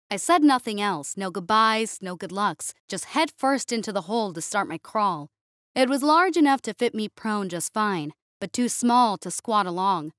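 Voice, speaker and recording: A woman reading a sci-fi story aloud in steady, expressive narration. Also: medium pitch, no room sound, clean studio sound.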